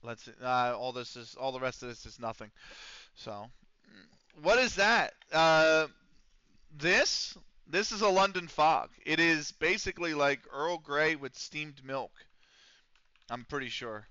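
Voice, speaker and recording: A man with a bright, crisp voice pitched a bit high, casually rambling through a live-stream of a football management game. He fills his talk with ums and throwaway swearing. The sound is dry and close but a little dull and lo-fi. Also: expressive, unhurried, no room sound. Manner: rambling and loose, with many fillers and casual swearing.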